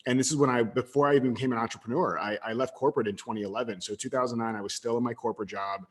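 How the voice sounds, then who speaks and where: A man in his thirties with a mid-range voice guests on a podcast, animatedly telling a story from his past. His casual storytelling comes in quick, louder bursts with stammered restarts.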